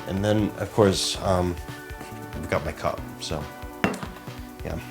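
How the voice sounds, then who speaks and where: Over music, a young man with a deep voice talks at a slow pace. He is a podcast co-host making a casual behind-the-scenes video, chatting and muttering self-deprecatingly to himself as he arranges lights and cameras in a small apartment used as a studio.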